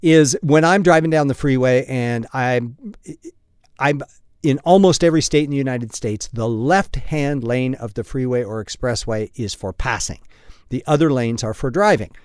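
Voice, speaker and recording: A man hosts his own podcast, talking in a blunt, profane, self-mocking way and breaking into chuckles along the way. His voice sits at an ordinary middle pitch, and it is recorded close and dry with almost no room sound. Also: a little mellow, dry recording. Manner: self-deprecating storyteller. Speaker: podcast host. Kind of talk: casual solo podcast monologue.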